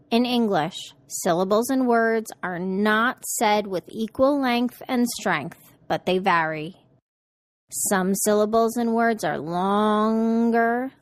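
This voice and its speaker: A woman presenting a scripted English pronunciation lesson, speaking clearly and deliberately and modeling sample words. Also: mid-range voice, dry recording, clean studio sound.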